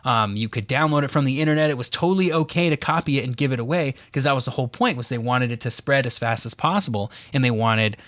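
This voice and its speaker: A man's voice: medium pitch, fast talker, hardly any pauses, fairly bright tone, dry recording. Man explaining game history, dry sound. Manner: explains at length with many fillers. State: has the hiccups. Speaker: podcast co-host. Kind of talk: casual chat.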